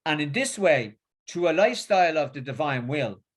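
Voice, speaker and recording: A middle-aged man with a Northern English accent talks about faith in a voice that sits a little high. His speech is halting and full of repeats and fillers, as he shifts from reading a prepared talk to casual chat. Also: lively intonation. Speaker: religious speaker.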